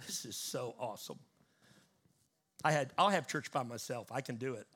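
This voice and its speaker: A male preacher delivering a fervent sermon, swinging between loud bursts and hushed asides. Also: mid-range voice, normal speed, pauses often, slightly rough.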